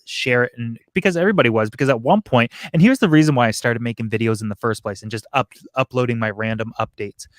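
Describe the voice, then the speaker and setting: A man's voice: medium pitch, fast talker, hardly any pauses. A man talks casually about his hobby channel, often circling back and restarting his sentences. His voice sits in an ordinary middle range. The sound is dry and close, with no room echo. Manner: rambling, restarts sentences, animated. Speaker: aquarium YouTuber. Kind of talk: casual chat on a live stream.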